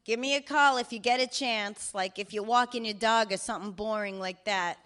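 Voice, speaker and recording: A woman's voice: medium pitch, steady tone, normal speed, a bit bright, close to an everyday voice. A woman voicing her older father reading his voicemails, swearing freely and joking with wry affection. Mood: affectionate rambling. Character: older father, cheerful, profane, doting. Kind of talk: reading voicemails aloud in character.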